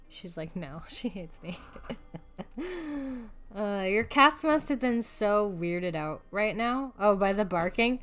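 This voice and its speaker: A woman's voice: medium pitch, animated, slow, faint music behind. A young adult woman streaming a video game, chatty and giggly, cooing at her cat between comments. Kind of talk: casual live-stream chat.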